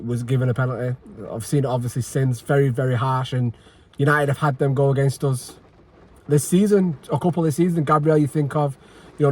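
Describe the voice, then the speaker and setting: Agitated man, fan-channel host, sweary post-match rant, middle pitch. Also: darkish tone. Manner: frustrated, sweary, repeats himself, sighs.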